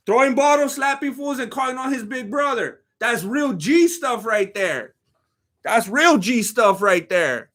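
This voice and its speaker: A man's voice: extremely high pitch, lively intonation, measured pace, sharp tone. A man streaming live, chatting casually about fights in a rambling, slangy, joking way while reading messages from chat.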